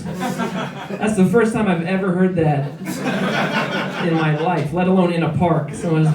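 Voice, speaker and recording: A man's voice: high voice, steady tone, a little slow, long pauses, recorded from a distance. A male comedian performing a headline stand-up set in a comedy club, rambling and self-deprecating, with lots of hesitant fillers. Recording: echoey club, taped from afar, loud crowd. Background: audience laughter.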